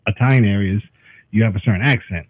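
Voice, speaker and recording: A man's voice: lowish voice, fast, breathy edge, no room sound, dull audio. A man from Brooklyn with a thick Brooklyn accent, a podcast co-host joking and laughing in casual chat. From Brooklyn, New York.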